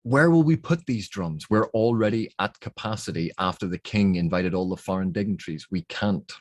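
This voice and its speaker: A man's voice: low voice, normal speed, dry recording. A man reading as a harried snobby servant woman.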